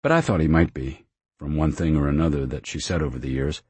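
A man with a deep, husky voice playing a blunt young woman who shrugs things off. She sounds offhand and dismissive, lifted a little above a very low, raspy register, in a dry, close reading. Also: quick pace, darkish tone, no echo.

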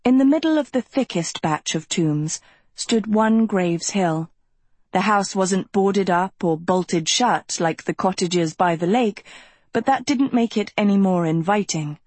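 A woman reads an audiobook aloud in a slow, measured storytelling manner. Her voice is breathy. The recording is close and dry. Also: medium pitch, a little mellow, no room sound. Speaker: narrator. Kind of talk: audiobook narration.

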